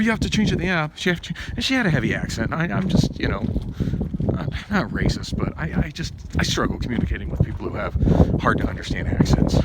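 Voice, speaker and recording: A man tells a meandering vlog story about an unpleasant ride, stumbling through restarts and filler words. When irritated his pitch rises; the recording has a noisy background and the tone is a casual rant.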